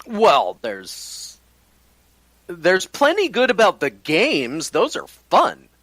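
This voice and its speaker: A man's voice: high-pitched, huge pitch swings, slow, a bit bright, no echo. A man co-hosting a casual podcast, musing and rambling about games and movies with frequent restarts. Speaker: podcast co-host.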